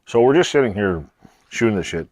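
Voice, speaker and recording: With a lowish, darkish voice and lively intonation, this middle-aged man talks a little fast, with no echo. He's the channel host, joking around with his daughter in his home garage workshop in a relaxed way, laughing often.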